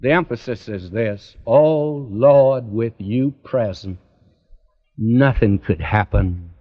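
A man's voice: mid-range voice, slow pace. A man preaching a Bible sermon in an earnest, pleading way, often swelling into emphatic rises. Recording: dull lo-fi radio recording.

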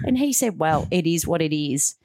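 A middle-aged woman, chatting as a radio guest in a dry studio. Her voice sits fairly low and takes on different voices as she tells her story. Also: normal speed, no echo. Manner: animated storyteller, acting out quotes. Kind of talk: casual interview chat.

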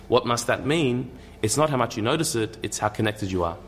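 A man of middling pitch talks through a lecture in a loose, conversational way, stumbling over and repeating words as he works out his point. He drops in wry asides along the way. A faint hum sits under the recording. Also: animated, brisk, hardly any pauses, a bit bright.

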